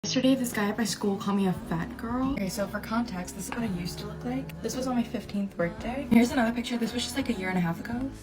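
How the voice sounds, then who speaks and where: A teenage high school girl telling a personal story in a quick, confiding way. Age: teens. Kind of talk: casual storytime vlog. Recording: clear music bed behind voice.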